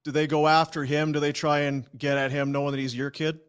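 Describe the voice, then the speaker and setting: A man's voice: a little high, flat delivery, brisk, clear, resonant tone. A male podcast host in a studio, asking prodding, joking questions in a casual chat.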